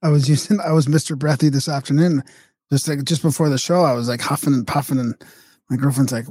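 A man hosts a podcast, talking in a loose, rambling way with plenty of fillers. His medium-pitched voice sits close and dry on the mic, with no room sound. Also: fairly even intonation, fast talker, a little mellow, slightly rough, dry recording. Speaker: podcast host. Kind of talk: casual conversation.

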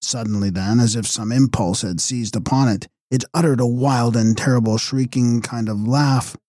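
A man narrating a gothic novel in a measured, dramatic reading. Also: medium pitch, fairly even intonation, mellow, no echo, clean studio sound. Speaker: audiobook narrator.

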